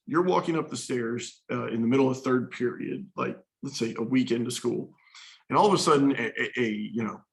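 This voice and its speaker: A man's voice: medium pitch, rough recording. A man teaching a history class in a casual, storytelling way, talking straight to his students. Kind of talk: classroom lecture.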